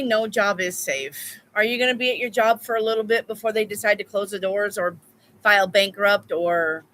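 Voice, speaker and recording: A woman's voice: medium pitch, bright, forceful tone, poor audio. A woman reading tarot in a casual live stream, telling stories bluntly with plenty of swearing. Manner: blunt, profane storytelling. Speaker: tarot reader.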